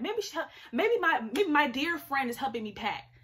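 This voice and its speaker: A young woman vlogger telling a story in an animated, chatty way, full of "like" fillers. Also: high voice, fairly quick. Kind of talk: storytime vlog.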